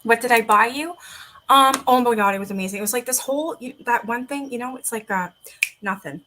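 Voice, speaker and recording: A woman's voice: on the high side, brisk, sharp tone, slight background noise, poor audio. A woman streaming, chatting with viewers, laughing often, then reading spooky stories aloud. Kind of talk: casual livestream chat and reading aloud.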